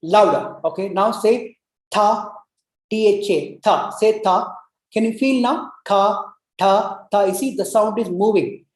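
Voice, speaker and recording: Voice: medium pitch, unhurried. A breathwork instructor, leading a guided breathing lesson, coaxing the group with repeated cues and many "you know" fillers, and demonstrating long humming sounds. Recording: roomy echo.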